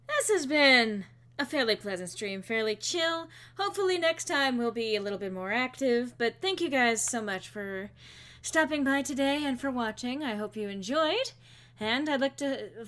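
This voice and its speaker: A woman's voice: high-pitched, expressive, moderate pace, a bit bright. A woman streaming a game and chatting casually with a co-host and viewers, playful and full of fillers.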